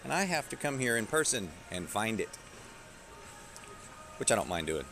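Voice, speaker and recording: A man's voice: lowish voice, very animated, moderate pace, music in the background. A man live-streaming while he shops, talking casually and rambling with plenty of swearing. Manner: rambling, profane, jokey. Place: shop aisles indoors. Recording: noisy shop background.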